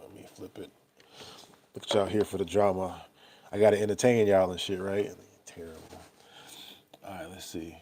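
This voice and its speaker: A young man speaks in a low, mellow voice. He rambles loosely and swears freely, talking straight to his viewers. It sounds like a casual live stream picked up by a laptop mic. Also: breathy edge. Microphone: laptop or phone mic.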